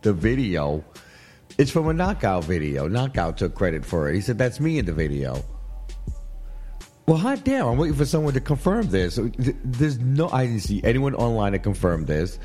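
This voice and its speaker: A man's voice: medium pitch, big pitch swings, moderate pace, dark tone. A man hosting a casual gossip chat in a studio, rambling, laughing often and repeating "you know what I mean". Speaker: show host. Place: studio with guests. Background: faint music.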